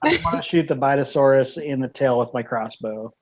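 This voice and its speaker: A man's voice: mid-range voice, a little fast. A man playing a tabletop game, eager and joking as he describes his character's moves. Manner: eager, playful, jokes and laughs while describing actions. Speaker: player.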